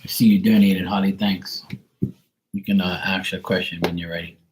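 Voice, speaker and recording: Speaking in a deep voice at normal speed, this middle-aged tarot reader runs a livestream and chats casually. He's relaxed, reading out viewers' names to greet them, over a low-quality recording.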